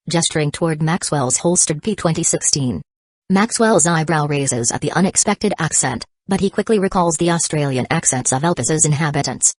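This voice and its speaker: Narrator, female, low register, dry close sound, steady audiobook read. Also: normal speed, no room sound. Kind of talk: scripted narration.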